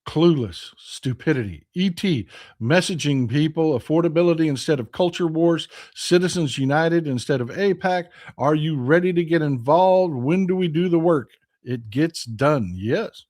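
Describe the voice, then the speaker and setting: A man's voice: a little high, expressive, moderate pace, darkish tone. A fifty-year-old man with a Texan accent, hosting a casual live stream and reading viewer comments aloud, often restarting his phrases. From Texas. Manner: reads chat aloud, greets viewers by name, self-correcting restarts.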